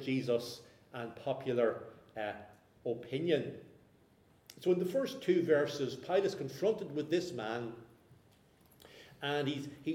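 A man preaching an expository sermon, explaining the text at a measured pace and circling back over his words. His voice is mellow and warm, and the room lends it a roomy echo. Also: mid-range voice. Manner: measured, explanatory, with frequent restarts.

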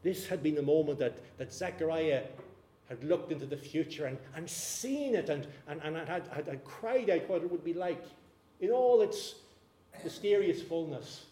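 A man's voice: on the high side, expressive, normal speed, mellow, reverberant. A man preaching a sermon in a church, earnest and often repeating words as he searches for the phrase. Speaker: pastor.

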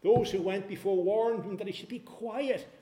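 A man preaching a sermon, telling a scripture story in an animated way. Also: high voice, moderate pace, echoey room.

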